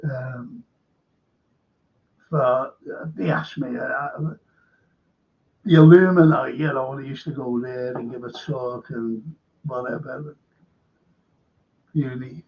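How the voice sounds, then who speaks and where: A man's voice: mid-range voice, fairly even intonation, takes it slowly, vocal fry, pauses often. A man hosting a livestream, telling a long rambling anecdote and swearing freely. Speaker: livestream show host. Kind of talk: rambling casual storytelling. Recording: dull lo-fi stream audio.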